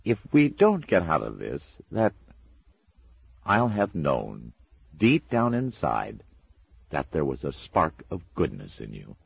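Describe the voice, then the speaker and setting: A man voicing a fussy, gentle male angel who speaks softly and dreamily, in a storybook reading. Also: a bass voice, huge pitch swings, takes it slowly, gravelly, breathy edge, no room sound, dull audio, heavily acted. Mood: wistful. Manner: soft, dreamy and polite.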